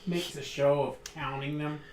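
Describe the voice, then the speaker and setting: A man's voice: on the high side, fairly even intonation, moderate pace. A man playing in a tabletop role-playing game, narrating his character's actions and lines. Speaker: player. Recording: roomy with faint background noise.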